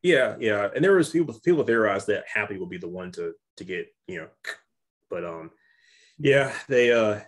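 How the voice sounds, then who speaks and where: A young man co-hosting a casual movie review chat, talking in halting bursts full of restarts and repeats. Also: fairly low pitch, lively intonation. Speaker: podcast co-host.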